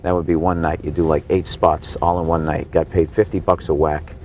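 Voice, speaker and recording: A man's voice: a bass voice, level tone, brisk, darkish tone. 40s guy ranting from a cab, swearing a lot, kinda sick, light street noise. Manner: profane, sarcastic ranting. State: slightly sick, clearing his throat. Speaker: stand-up comedian. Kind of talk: ranting tour commentary from a cab. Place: back seat of a cab in city traffic. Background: faint traffic noise.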